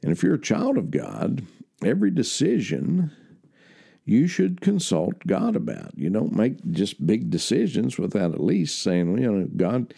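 A man's voice: lowish voice, huge pitch swings, a little slow, gravelly, dark tone, husky. A man with a West Virginian accent preaching a sermon in a folksy, conversational, homespun way.

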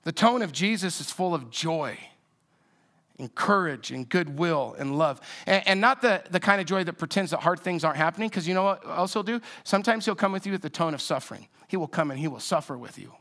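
A man's voice: on the high side, lively intonation, brisk, fairly bright tone. A man preaching a sermon in a conversational, reflective way with frequent restarts. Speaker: pastor.

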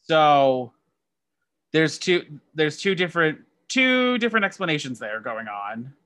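A podcast co-host with a bright, forward voice, chatting through movie trivia on a dry, close mic. They ramble and stop to correct themselves mid-sentence. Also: mid-range voice, sing-song, unhurried, dry recording. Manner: rambling, self-correcting delivery. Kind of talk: casual movie-trivia chat.

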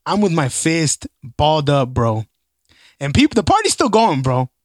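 A man's voice: fairly high pitch, moderate pace, no room sound, clean studio sound. A man on a casual podcast, telling a story with lots of slang and swearing and acting out the voices of the people in it. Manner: animated, acts out quoted voices, heavy slang and swearing. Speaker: podcast co-host. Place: home.

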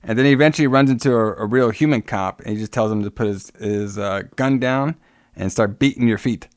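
A man's voice: medium pitch, brisk, no echo, studio quality. A man casually retelling a film's plot scene by scene, with many fillers and asides. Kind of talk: casual movie recap chat.

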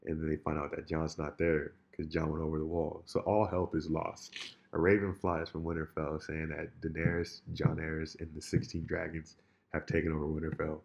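A man in casual chat, telling a story in an animated, rambling way with many restarts. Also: rumbling low, normal speed, gravelly, highs cut off.

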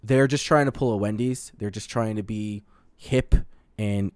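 A man's voice: on the low side, unhurried, darkish tone, smooth, no room sound, studio quality. A man co-hosting a podcast, chatting casually and profanely about gaming news. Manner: profane, rambling, reads headlines aloud. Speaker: podcast co-host.

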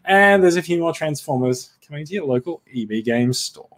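An Australian man hosting a podcast in easy, joking chat. His voice sits a touch high for a man, and he pokes fun at himself and at the show as he talks. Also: expressive, brisk. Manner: jokey, self-deprecating, chatty. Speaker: podcast host. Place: Sydney.

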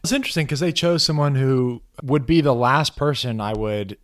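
A man co-hosting a casual film review podcast, chatting in an animated way and acting out his own reactions. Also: medium pitch, moderate pace, no room sound, studio quality. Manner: animated, acts out quoted reactions. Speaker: podcast co-host.

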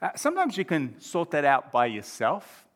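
A man in his fifties preaching a sermon as pastor, shifting from quiet reflection to loud, emphatic exclamations. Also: fairly high pitch, huge pitch swings, normal speed.

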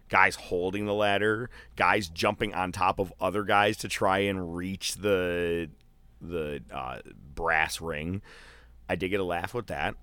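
A man chatting casually as a podcast co-host, telling a loose, profane story full of fillers and jumping into animated quoted voices. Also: clean tone, no echo. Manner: animated, jumps into high-pitched quoted voices. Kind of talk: casual chat.

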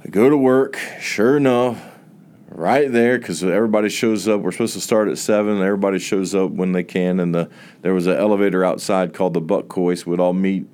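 A man's voice: low-pitched, fairly even intonation, brisk, darkish tone, clean tone. A man preaching a sermon that tells a personal testimony, with emphatic phrasing and many repeated words.

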